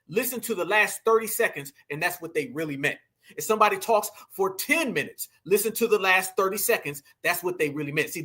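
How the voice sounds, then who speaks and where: A man's voice: sits high, pushed and bright. A man hosting a reaction commentary, talking to viewers as family in a mocking, emphatic way. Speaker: commentary channel host.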